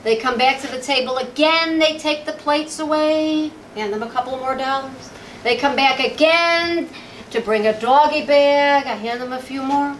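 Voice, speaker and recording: A woman comic from Chicago, chatting her way through dating stories in a high, bright-sounding voice. The sound is roomy and distant, as if caught from across a lounge, with a faint hum behind her. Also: normal speed. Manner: chatty, storytelling, acting out punchlines. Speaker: stand-up comedian. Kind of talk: stand-up comedy set. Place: lounge stage with live audience. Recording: echoey lounge, mic at a distance.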